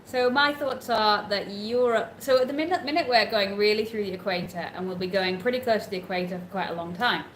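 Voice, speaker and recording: A woman talking casually with viewers on a travel live stream, calmly explaining plans. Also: mid-range voice, fairly quick, few pauses, reverberant, slight background noise, rough recording.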